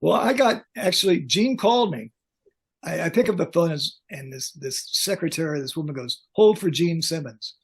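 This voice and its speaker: An older man, a concert pyrotechnics veteran, telling lively backstage stories as a podcast guest and acting out the lines he quotes. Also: fairly high pitch, normal speed, vocal fry, slightly rough. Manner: animated anecdotes, acts out quoted lines. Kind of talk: storytelling in a podcast interview.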